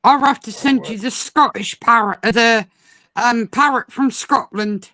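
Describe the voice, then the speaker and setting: A woman with a high voice tells lively, rambling stories in casual chat. She slips into quick imitations of a swearing parrot. The sound is dry and close. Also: dry recording, rough recording. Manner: animated storyteller, mimics a swearing parrot.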